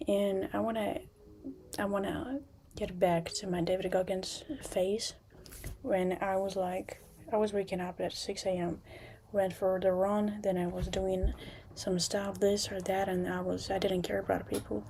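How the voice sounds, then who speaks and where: A young woman livestreaming from a room at home, chatting casually with viewers in a halting way with many restarts, now and then dropping to a whisper. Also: mid-range voice, level tone, gravelly, a little hiss or hum. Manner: halting, restarts often, soft at times.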